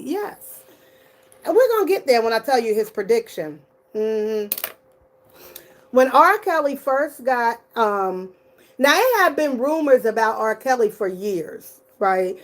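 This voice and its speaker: Animated, profane woman commentator. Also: a little high. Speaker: commentary YouTuber. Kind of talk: casual commentary.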